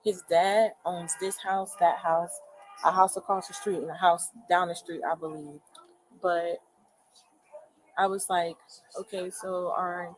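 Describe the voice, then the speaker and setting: A woman giving a halting, rambling firsthand account to police indoors at a home, full of fillers. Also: fairly low pitch, steady tone, faint music behind, rough recording. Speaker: interviewee recounting to police.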